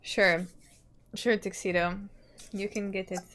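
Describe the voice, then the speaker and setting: A young adult woman livestreamer chats casually with her viewers, reading their comments, laughing often and letting her thoughts trail off softly. Her voice is medium-pitched and steady, and she takes it slowly. The recording is very noisy.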